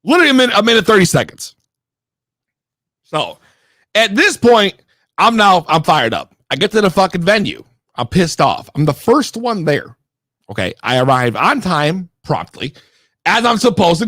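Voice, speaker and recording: Young guy from Connecticut, high and very animated. Profane, rambling storyteller. Dry close mic. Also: normal speed, dry recording. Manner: slangy and rambling with restarts. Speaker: podcast regular telling a story. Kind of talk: casual storytelling.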